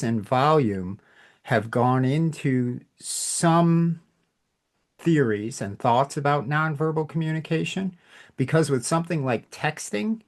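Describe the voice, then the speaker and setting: A man hosting a communication podcast, giving an informal lesson in a reflective, emphatic way. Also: mid-range voice. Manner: reflective, emphatic, acts out tones in examples. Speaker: podcast host teaching communication.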